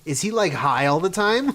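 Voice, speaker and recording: A man's voice: sits high, a bit bright. Sarcastic man reacting to a stream. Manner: mocking, sarcastic.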